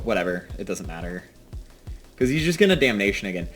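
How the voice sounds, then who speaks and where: With a lowish voice, brisk pace, and big pitch swings, a man mocks himself casually while playing cards, shifting between muttering and sudden outbursts. Faint music plays behind him.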